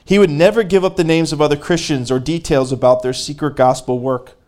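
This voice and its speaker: A man preaching a sermon, reading a story aloud and pausing to speak directly to his congregation, growing fervent. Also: a little high, steady tone, a little mellow.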